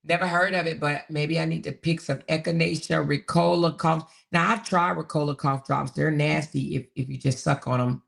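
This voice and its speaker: A woman's voice: low voice, steady tone, moderate pace, creaky, hardly any pauses. A woman hosting a casual livestream, reading viewer comments aloud in a chatty way, repeating herself and laughing often. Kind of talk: casual live chat.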